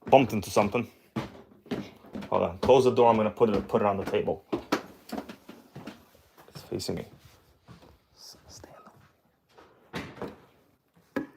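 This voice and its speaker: A man hosting a casual live stream, chatting excitedly with viewers and reading their comments aloud. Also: lowish voice, a little slow, creaky, long pauses, noisy background. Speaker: RC car livestream host.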